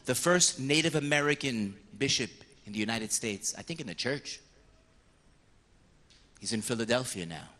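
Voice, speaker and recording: A priest giving a lively sermon on confession, acting out penitents and priests in short voices. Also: male voice, medium pitch, long reverb tail. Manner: animated storyteller, slipping into voices of penitents and priests.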